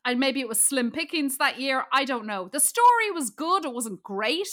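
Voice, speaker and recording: A woman co-hosting a film podcast talks in a casual, blunt way, with hesitant ums and the odd swear word. Her voice sits high and sounds bright and sharp. She comes across as frank and plain-spoken. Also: lively intonation, moderate pace. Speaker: podcast co-host. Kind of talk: casual chat reviewing a film.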